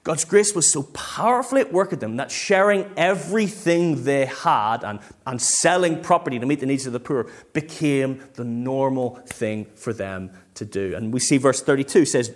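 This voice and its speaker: A man, a pastor preaching a sermon in a lively, conversational way. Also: medium pitch, moderate pace, hardly any pauses.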